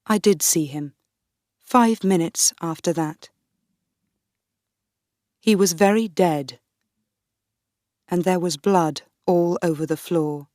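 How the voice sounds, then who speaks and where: Very slow deliberate woman narrator. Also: lowish voice, warm tone, no room sound, studio quality. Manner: very slow, deliberate, clear reading. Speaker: audiobook narrator. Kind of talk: graded-reader narration.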